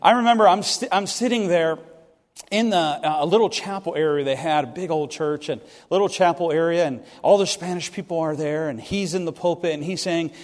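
A middle-aged man preaches in a bright, high voice, telling self-deprecating stories with lively energy. He jumps into other people's lines as he tells them. His voice rings with the long reverb of a large church hall. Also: brisk. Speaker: pastor. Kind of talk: sermon storytelling. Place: church sanctuary.

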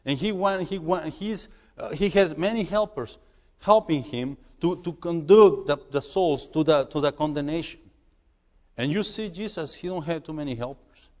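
A man's voice: a little high, a little mellow. Earnest preaching man, long hall reverb. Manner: halting, repeats words, earnest preaching. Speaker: missionary. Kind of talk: sermon. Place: church.

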